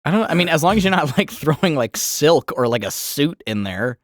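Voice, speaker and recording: A man's voice: fairly high pitch, very animated, brisk, no echo, clean studio sound. A man co-hosting a casual comedy podcast, joking around and laughing often. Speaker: podcast co-host.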